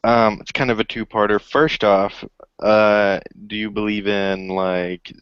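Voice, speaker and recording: Hesitant male co-host, low smooth voice, dry lo-fi sound. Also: little pitch movement, unhurried, fairly bright tone, no room sound. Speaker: co-host asking questions. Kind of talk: casual chat. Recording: dry, dull lo-fi audio.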